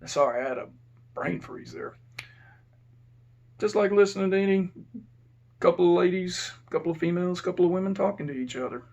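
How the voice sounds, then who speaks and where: Gravelly man telling a prison story. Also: high voice, brisk, long pauses, darkish tone. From Texas. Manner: rambling, self-correcting, plain-spoken. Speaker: former prison officer. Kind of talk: casual storytelling.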